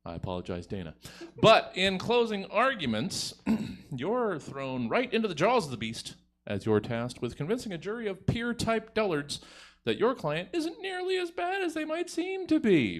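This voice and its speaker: Guy hosting a comedy panel, jokey, voice swoops up and down, booming then mumbly. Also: wildly swooping pitch, moderate pace. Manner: playful, theatrical, swinging between booming and muttered. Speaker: comedy show host.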